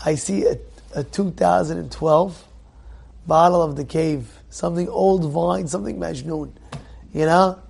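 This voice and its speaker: A man giving a sermon as a rabbi, animated, acting out little dialogues and repeating phrases. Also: a little high, a little slow, vocal fry, husky. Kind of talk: sermon with storytelling.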